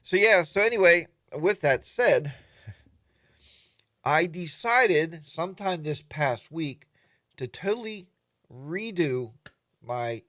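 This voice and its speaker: A man's voice: medium pitch, fairly bright tone, no echo, studio quality. Chatty man hosting a morning stream. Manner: rambling, chatty, lots of fillers, greets viewers. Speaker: livestream host. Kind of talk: casual morning chat. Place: home studio.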